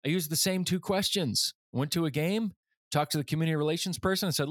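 A man's voice: a little high, quick pace, a bit bright, no room sound, studio quality. A man in his forties hosting a leadership podcast, telling a personal story in an earnest way and getting livelier when he acts out other people. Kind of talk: storytelling monologue.

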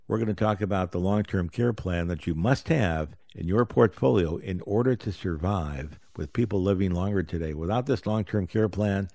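A man's voice: low-pitched, moderate pace, creaky, few pauses, dark tone, no room sound. A middle-aged man hosting a live radio financial talk show, with folksy, upbeat salesman patter.

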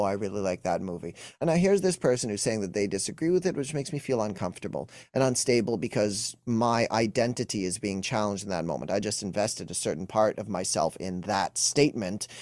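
A man's voice: fairly low pitch, darkish tone, dry recording, clean studio sound. A young adult man, an emotional wellness coach, explaining earnestly as a guest in an interview. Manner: earnest, explanatory, acts out quoted dialogue.

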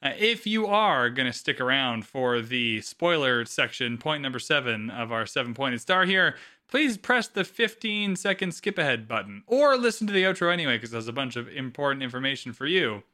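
A man's voice: mid-range voice, sing-song, moderate pace, hardly any pauses, sharp tone. A man co-hosting a podcast, talking casually and swearing freely as he gives his opinions. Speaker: podcast co-host.

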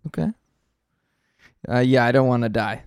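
An odd, earnest young man obsessed with baseball and hacking, as a man plays him, speaking in halting deadpan. His voice is smooth and resonant, at middling pitch, with a dry close sound. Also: no room sound, natural voice. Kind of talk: improvised comedy podcast.

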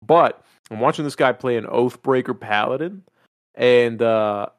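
A young man on a podcast, swearing freely as he tells an animated story from a video game. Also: medium pitch, a little slow, clear, resonant tone, no echo, clean studio sound. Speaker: podcast host. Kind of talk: casual chat.

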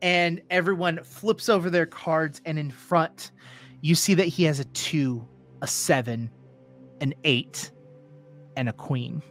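A game master narrating a tabletop role-playing scene with lively, animated storytelling. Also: mid-range voice, takes it slowly, faint music behind. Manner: animated storytelling, laughs often.

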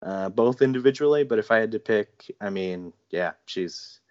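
A man's voice: fairly low pitch, moderate pace, muffled recording. A man guesting on a podcast in casual chat, gushing and enthusiastic.

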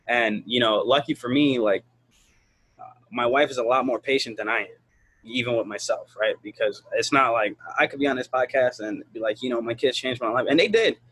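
Man, husky, dry close sound, blunt, profane, animated storyteller. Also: mid-range voice, brisk, no room sound. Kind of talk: casual podcast chat.

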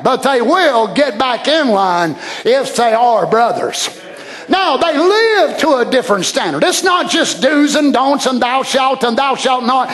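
A man preaching a fiery sermon, often shouting and calling out hallelujah. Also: very high-pitched. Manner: shouting, exclaiming hallelujah, acting out quoted voices.

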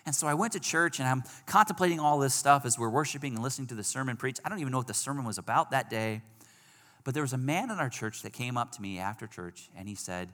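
Guy preaching, mid-pitched voice, goes quiet then builds up loud, big echoey church sound. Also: fast talker. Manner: storytelling, swells from hushed to emphatic. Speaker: pastor. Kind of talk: sermon with personal story. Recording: long hall reverb.

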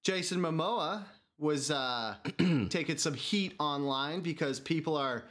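A man's voice: a little high, fairly bright tone. A man co-hosting a casual podcast, joking around and slipping into silly voices, recorded at home. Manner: jokey, puts on quick silly voices. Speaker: podcast co-host. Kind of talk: casual chat. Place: echoey apartment. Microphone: studio mic with headphones.

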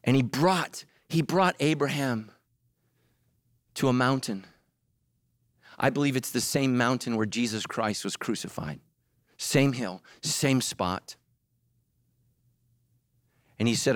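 A man preaching a sermon, telling a story with humor and acting out quotes, swinging from loud high bursts to low quiet emphasis. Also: slow, pauses often, dry recording, clean studio sound. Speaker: pastor.

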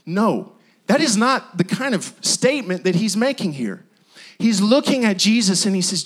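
A male pastor preaching a sermon in an emphatic, repetitive style with dramatic pauses. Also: sits high, expressive.

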